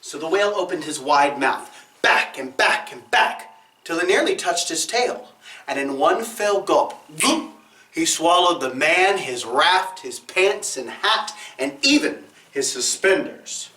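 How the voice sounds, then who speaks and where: Man telling a story with lively rhythm. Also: on the high side, a little slow. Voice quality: animated, plays with rhythm and sound effects. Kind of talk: playful read-aloud storytelling duo. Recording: roomy echo from a distant mic.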